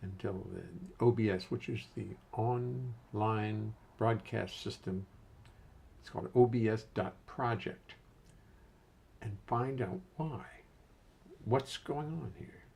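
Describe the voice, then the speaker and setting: A man's voice: fairly low pitch, takes it slowly, vocal fry, a little mellow, slightly rough. An older man casually hosting a livestream from his home studio, greeting viewers by name and muttering to himself as he adjusts settings.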